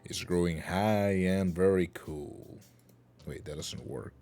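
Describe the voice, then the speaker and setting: Male livestream host with a lowish voice, rambling and jokey, fakes anger for laughs. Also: slow, a little mellow, soft background music. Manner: playful, rambling, mock-angry banter with chat. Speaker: talk show host. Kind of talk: casual livestream chat.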